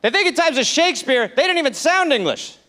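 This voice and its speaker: A man with an American accent performing an animated, jokey stand-up set on a festival stage. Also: extremely high pitch, quick pace. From United States. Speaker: stand-up comedian.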